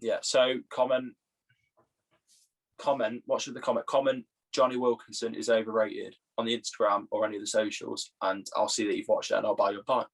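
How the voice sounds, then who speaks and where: A young English man co-hosting a podcast in casual, teasing banter, quick to laugh at his own jokes. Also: on the low side, flat delivery. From England. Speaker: podcast co-host.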